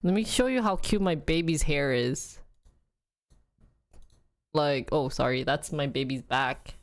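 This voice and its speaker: A young woman chatting casually on a livestream, rambling with frequent laughs and a voice going a little hoarse. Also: deep voice, measured pace. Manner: chatty, rambling, laughs often, quotes family in lively bursts. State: losing her voice. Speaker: streamer.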